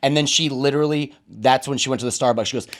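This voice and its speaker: A man in his thirties, a comedian guest on a podcast, chatting agreeably and telling quick family stories. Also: medium pitch. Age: 30s. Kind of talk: casual chat.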